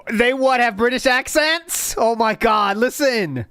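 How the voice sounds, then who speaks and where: A man hosting a watch party, reacting to a clip with sarcastic deadpan asides. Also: very high voice, a little slow, smooth, no echo, studio quality. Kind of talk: casual reaction commentary.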